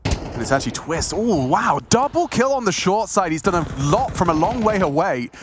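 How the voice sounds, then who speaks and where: Lively excitable esports commentator man. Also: normal speed. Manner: excitable, jokey, voice jumps high in big moments. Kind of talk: play-by-play commentary. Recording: game noise behind. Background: gunfire and game sounds.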